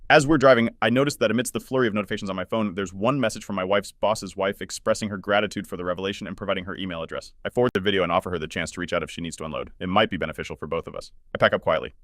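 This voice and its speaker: Deep-voiced man narrating a bedtime story. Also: very fast, few pauses, fairly bright tone, dry recording. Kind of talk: scripted first-person story narration.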